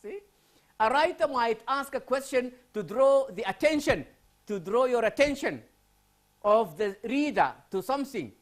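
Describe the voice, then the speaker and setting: A man from Sudan lecturing a class on English writing, asking students questions and repeating key phrases. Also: very high voice.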